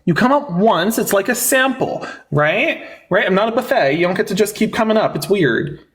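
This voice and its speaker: A young man from rural Pennsylvania hosting a debate livestream, combative and quick, laughing often. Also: sits high, animated, fairly bright tone, husky.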